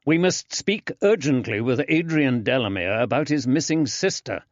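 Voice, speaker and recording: A man narrating an audiobook, voicing a firm, brisk detective in a clipped, slightly raised voice. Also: mid-range voice, lively intonation, no room sound, pitched above the performer's own voice, lightly acted. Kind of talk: audiobook character voice. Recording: dry, slightly dull.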